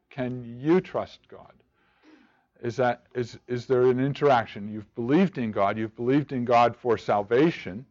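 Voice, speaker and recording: A man's voice: mid-range voice, dull audio. A man leading a church study group, asking rhetorical questions and often restarting his words. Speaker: Bible study teacher. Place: room with a group of listeners.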